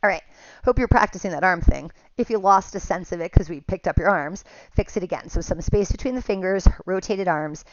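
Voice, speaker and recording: Woman calmly cueing a pilates class. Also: lowish voice, a little fast, lo-fi sound. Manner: calm step-by-step cueing with counts. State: slightly out of breath at times. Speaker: pilates instructor. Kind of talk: guided exercise class cues.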